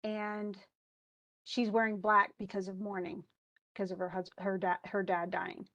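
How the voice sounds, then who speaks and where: A woman's voice: medium pitch, flat delivery, measured pace, a bit bright, muffled recording. Chatty woman college English instructor. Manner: chatty, reads story passages aloud between comments; many fillers and restarts. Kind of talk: informal recorded lecture.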